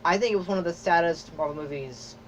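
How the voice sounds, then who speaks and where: A man hosting a podcast, chatting casually and excitedly, rambling with lots of fillers and acted-out reactions. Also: a little high, fast. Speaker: podcast host. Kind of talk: casual chat. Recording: dull lo-fi audio with faint noise.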